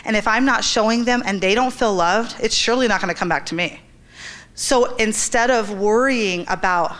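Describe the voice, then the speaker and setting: A woman's voice: on the high side, moderate pace, a bit bright. A middle-aged woman giving an earnest church talk to women, telling stories and acting out the quotes. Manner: earnest, storytelling, acts out quotes. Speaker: women's ministry speaker.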